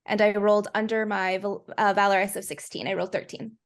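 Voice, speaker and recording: A woman's voice: mid-range voice, flat delivery, fast talker. Hesitant woman player. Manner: hesitant, many fillers. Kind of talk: tabletop game play.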